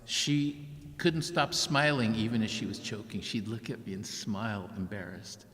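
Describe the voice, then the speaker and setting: A man's voice: fairly low pitch, expressive, moderate pace, a bit bright. A man giving a keynote speech as an author, telling a story vividly and acting out what people said. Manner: vivid storyteller who acts out quotes. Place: large church hall. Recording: long church reverb.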